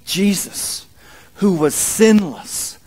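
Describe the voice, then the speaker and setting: A man preaching a sermon as a pastor, in an animated, folksy manner. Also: high voice, extremely slow. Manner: animated, folksy, acts out quotes.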